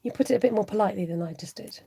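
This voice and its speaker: A woman's voice: mid-range voice, racing, gravelly, dark tone, a little hiss or hum. A woman hosting a live crafting stream, thinking aloud, humming and chatting with viewers.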